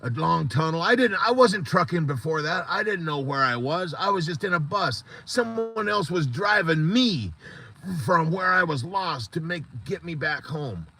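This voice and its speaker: A man's voice: on the high side, animated, normal speed, pushed and bright. A man hosting a support group on a live stream, talking in an earnest, rambling, motivational way.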